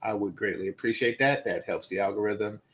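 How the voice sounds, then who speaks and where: A man's voice: on the low side, brisk. A man in his forties hosting casual, opinionated commentary and speaking directly to his viewers. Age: 40s. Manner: conversational, opinionated, addressing viewers. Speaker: host.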